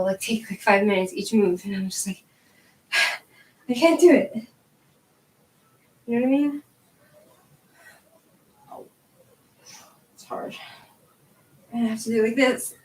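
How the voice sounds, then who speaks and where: A woman with a medium-pitched voice is heard on a rough recording with a little hiss or hum. She hosts a tarot channel and chats casually on video at home with her dog while trying yoga stretches, slightly out of breath. Her talk is rambling and chatty, peppered with laughter and "like."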